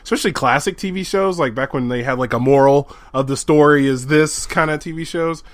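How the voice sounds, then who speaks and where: A man co-hosting a podcast in casual chat, excitable and laughing often as he talks. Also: on the high side, brisk, no echo, studio quality. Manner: excitable, laughs a lot while talking. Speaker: podcast co-host.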